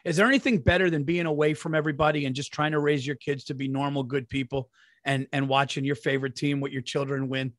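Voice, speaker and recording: A man's voice: medium pitch, steady tone, fast, fairly bright tone, dry recording, clean studio sound. A man co-hosting a podcast who rants in an exasperated, profane way during casual banter. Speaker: podcast co-host.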